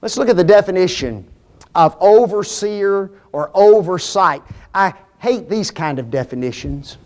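A man preaching a sermon, stressing key words slowly and asking the congregation questions. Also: high-pitched, animated, darkish tone.

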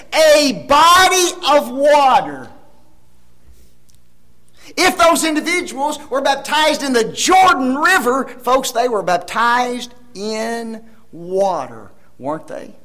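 A man preaching a sermon, emphatic, with rhetorical questions, swinging between loud stresses and soft asides. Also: very high voice, rough recording.

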